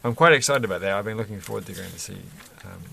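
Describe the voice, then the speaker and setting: A man talks in a loose, rambling way, chuckling and correcting himself as he goes. His voice sits low with a gravelly fry to it. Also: very fast, sharp tone. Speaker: Lego build vlogger. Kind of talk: casual chat while building.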